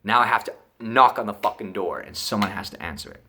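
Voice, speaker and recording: A man's voice: lowish voice, fast talker, bright, forceful tone. A young man telling a casual, profane story to camera, acting out the other people's voices and sound effects as he goes.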